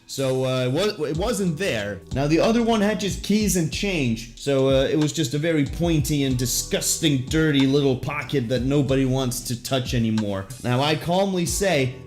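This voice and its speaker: A man's voice: medium pitch, lively intonation, normal speed, hardly any pauses, soft background music. A young man telling an embarrassing story in a comedic storytime monologue, jokey and self-deprecating with puns and asides. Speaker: vlogger.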